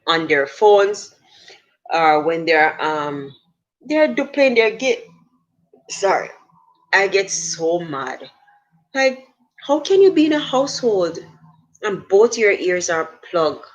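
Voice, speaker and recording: Slow, low-voiced woman chatting earnestly. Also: lo-fi sound. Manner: chatty, earnest, many fillers and restarts. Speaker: livestream host. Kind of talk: casual motivational livestream talk.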